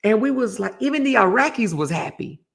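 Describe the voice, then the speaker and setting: A middle-aged woman, hosting a casual live stream and telling a story, acting out quoted voices with sudden high jumps. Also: a little fast, vocal fry. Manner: animated storyteller, acts out quoted voices with big pitch jumps. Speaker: host of a live relationship talk show.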